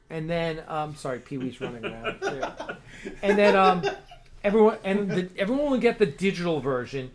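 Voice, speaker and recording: Male livestream host, slightly high voice, rambling and excited, casual chat. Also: a little hiss or hum. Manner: rambling, enthusiastic, lots of restarts. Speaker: host of a fan-film livestream.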